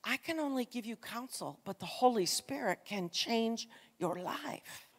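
A middle-aged woman giving an earnest, conversational sermon testimony, swinging between loud emphasis and soft, quiet passages. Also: fairly high pitch, expressive, unhurried. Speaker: church speaker. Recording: long reverb in a large hall.

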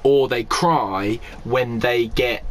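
A man's voice: mid-range voice, takes it slowly, a little hiss or hum. A man from Scotland co-hosting a podcast, ranting in a casual comedic way, exasperated and sweary, often laughing. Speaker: podcast co-host.

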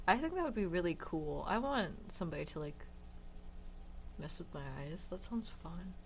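A woman's voice: on the low side, sing-song, moderate pace, a little hiss or hum. A young woman co-hosting a casual radio show, with dry, wry quips.

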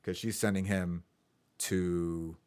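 A man's voice: low voice, level tone, slow pace, a little mellow, smooth. A man hosting a casual podcast, running through his notes in a chatty way with fillers. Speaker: podcast host.

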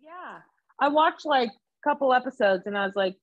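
Casual female co-host, profane and animated, slightly dull dry sound. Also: sits high, normal speed, no room sound. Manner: swears a lot, animated storytelling. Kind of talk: casual chat.

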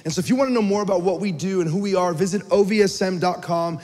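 High-voiced man preaching in a reverberant space. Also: fast talker, few pauses, a little mellow, faint music behind. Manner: earnest storytelling, frequent repeated words. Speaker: pastor. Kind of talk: sermon.

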